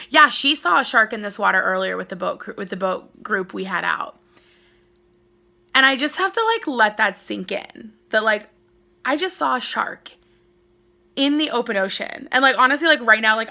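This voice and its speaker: A woman's voice: on the high side, bright, forceful tone. A young woman author telling a casual story-time vlog, gushing and full of filler words. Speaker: author and vlogger.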